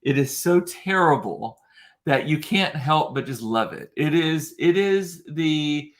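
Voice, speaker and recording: A male vlogger with a fairly high-pitched voice and lively intonation speaks slowly in a casual solo chat, reading live comments. He rambles and gossips, often correcting himself mid-sentence.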